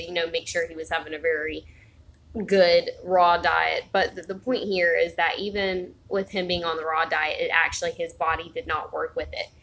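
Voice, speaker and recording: A vlogger with a lowish, slightly bright voice chats casually to her viewers indoors at home, rambling with plenty of fillers and restarts. Recorded on a phone camera, the audio is rough and roomy with slight background noise.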